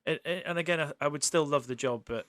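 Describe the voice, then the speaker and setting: A man's voice: on the high side, a little fast, fairly bright tone, dry recording. A man from England hosting a casual podcast interview, swearing freely and laughing often. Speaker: podcast host.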